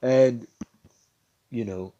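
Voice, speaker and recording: A man's voice: mid-range voice, extremely slow, warm tone, lo-fi sound. A man casually telling a fan-made story in loose slang, full of swearing and fillers.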